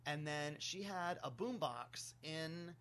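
Animated man telling a comic story. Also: a little high, slow pace. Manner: animated, chatty, swears casually; acts out other people in the story. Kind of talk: comic storytelling, casual chat.

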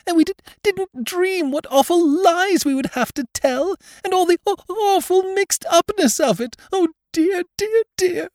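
A sobbing, stammering young bride. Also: male voice, very high-pitched, a little slow, few pauses, darkish tone, no room sound, studio quality, pitched above the performer's own voice. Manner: stammering through sobs.

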